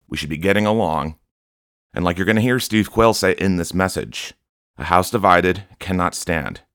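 A man with a deep, low-pitched voice preaches to his podcast listeners in a fervent, scolding tone that makes no secret of his anger. The sound is dry and close, with no room echo around him. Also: a bit bright. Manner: fervent, admonishing, openly angry. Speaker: podcast host. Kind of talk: impassioned preaching monologue.

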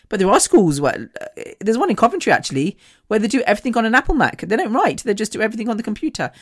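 A woman hosting a podcast, candidly telling a personal story in a chatty way, swearing freely and laughing often. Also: lowish voice. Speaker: podcast host.

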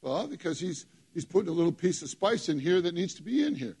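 A man delivers a sermon from the pulpit of a church. His voice sits high and carries a husky edge. He preaches emphatically, throwing short phrases out to the congregation and repeating them for effect. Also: big pitch swings, fast, darkish tone. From New York. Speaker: pastor.

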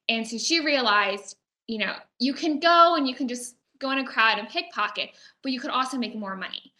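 A woman guest telling a history story in an interview, lively, often acting out the people she quotes. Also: on the high side, echoey room. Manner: animated, acts out quoted characters. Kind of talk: conversational storytelling.

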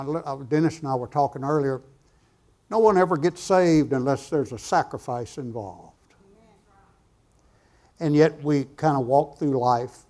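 A man's voice: mid-range voice, darkish tone. Folksy man telling a sermon story. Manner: folksy, conversational storytelling with dialogue. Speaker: preacher telling a testimony.

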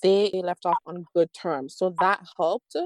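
A woman host with a lowish voice, recorded dry and close. She speaks in an affirming, measured manner, building up to reflective questions for her guest. Her delivery is steady and considered. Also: no room sound. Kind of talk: interview podcast.

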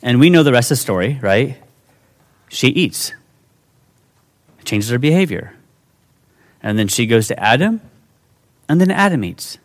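A man preaching a sermon, talking casually to his congregation and jumping into high, whiny voices to act out the dialogue. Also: expressive, measured pace, pauses often. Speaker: pastor.

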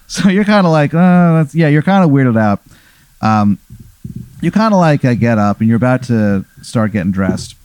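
A man improvising a comic story in a loose, rambling, profane way. His voice is mellow and dark. The recording is dry and close. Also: mid-range voice, animated, normal speed, no room sound.

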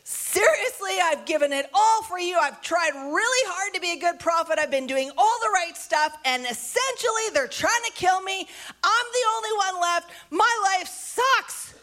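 A worn-out male prophet, whining and sorry for himself, as a woman preacher puts him on. His voice jumps well above her speaking voice, already high, and spills out in a stream of complaints. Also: expressive, normal speed, a bit bright. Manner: whiny, exasperated complaining. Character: weary self-pitying male prophet, whining.

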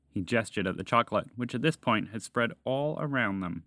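A man narrating a children's storybook in a calm, even reading manner. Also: lowish voice, brisk, hardly any pauses, no echo, studio quality.

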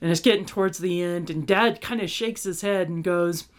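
A woman's voice: on the low side, moderate pace. A woman, hosting a podcast in casual chat and laughing often. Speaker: podcast host.

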